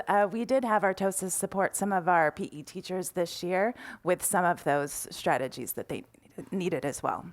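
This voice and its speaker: A woman administrator explaining policy updates at a school board meeting, steady and full of fillers. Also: on the low side, normal speed, few pauses. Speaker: district administrator presenting policy. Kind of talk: public meeting presentation.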